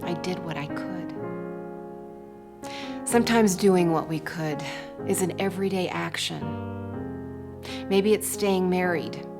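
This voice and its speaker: A woman's voice: fairly low pitch, slow, long pauses, over music. An older woman giving a devotional talk, telling personal stories in a reflective way. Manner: personal storytelling, warm and reflective. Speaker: speaker.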